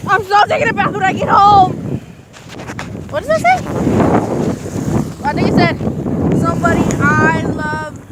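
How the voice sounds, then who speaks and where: A teenage girl vlogging casually at a beach, excitable and calling out to people nearby, filmed on a handheld phone camera. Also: extremely high pitch, a little slow, long pauses. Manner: excitable, shouts at others. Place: windy beach outdoors. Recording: loud wind noise on phone mic.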